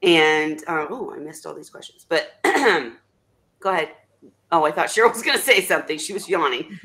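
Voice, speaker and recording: A woman hosting a casual video call chat, talking in a chatty, rambling, animated way. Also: deep voice, normal speed. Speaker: host.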